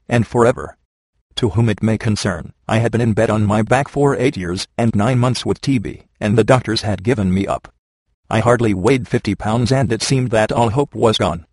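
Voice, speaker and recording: A man narrating a religious memoir aloud in a steady, measured reading. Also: on the low side, no room sound.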